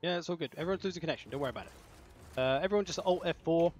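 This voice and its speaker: Talking very fast in a slightly high voice, a southern English man hosts a livestreamed game tournament over a little hiss or hum. He's chatty and jokey, poking fun at himself, and the audio has a slightly dull lo-fi mic and faint music.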